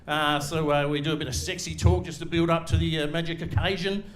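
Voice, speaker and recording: A man's voice: on the high side, fairly even intonation, quick pace, a little hiss or hum. A middle-aged man with an Australian accent doing a live stand-up set on a comedy club stage, crude and swearing as he teases the crowd. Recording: echoey live club room.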